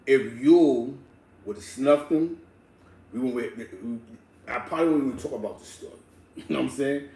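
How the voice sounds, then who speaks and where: A man telling a street story in slangy, animated casual talk, laughing and acting out the people in it. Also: medium pitch, moderate pace, pauses often. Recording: roomy echo, distant mic, faint ambience.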